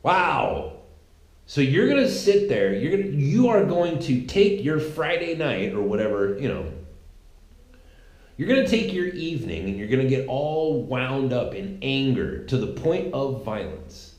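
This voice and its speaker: A man's voice: mid-range voice, very animated, moderate pace, a little mellow. A man hosting a podcast, talking through a casual opinion monologue in a rambling, sarcastic way with many restarts. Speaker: podcast host. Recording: roomy echo.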